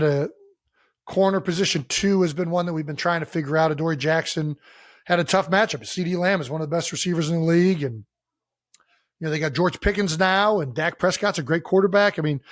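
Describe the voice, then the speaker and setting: High-voiced, swearing podcast co-host man. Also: dry recording, studio quality. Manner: long, emphatic explanations with frequent swearing. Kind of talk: casual sports chat.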